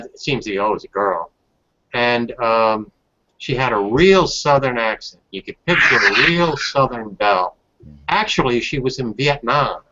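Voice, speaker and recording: A man's voice: mid-range voice, bright, forceful tone, lo-fi sound. A man hosting a casual online panel chat, speaking thoughtfully and hedging often. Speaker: host. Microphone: video call.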